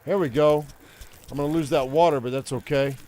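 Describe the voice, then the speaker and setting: A man's voice: on the high side, steady tone, brisk, darkish tone. Profane, rambling older man gaming. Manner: profane, ranting, rambling with many restarts. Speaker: gaming streamer. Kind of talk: casual gameplay commentary.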